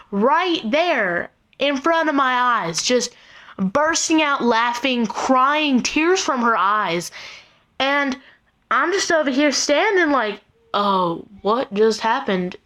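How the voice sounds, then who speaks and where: A teenage girl with a high voice tells a story from her school days to her viewers. She rambles along with plenty of "um" and "like", sounding exasperated at how unfair it all was. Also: fairly bright tone. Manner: rambling, exasperated retelling full of "like" and "um". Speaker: vlogger. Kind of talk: casual storytelling.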